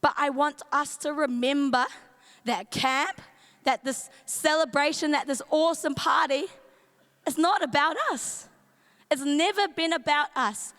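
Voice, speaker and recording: A woman's voice: high-pitched, measured pace, a bit bright. A woman youth leader with a New Zealand accent and a strained voice, giving a playful, chatty camp talk from a large events centre stage. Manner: playful, chatty, greets in Māori. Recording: long hall reverb.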